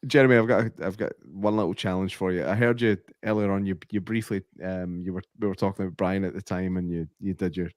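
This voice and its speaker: A man's voice: low-pitched, fairly even intonation, fast talker, hardly any pauses, dry recording. A man hosts a podcast in a jokey, casual way. His voice is dry and close, with no room sound. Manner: jokey, laughs often. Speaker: podcast host.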